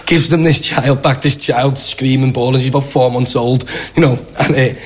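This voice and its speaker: A young man with a Liverpool accent, a guest telling a long, animated anecdote with lots of quoted voices. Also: mid-range voice, normal speed. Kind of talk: casual storytelling.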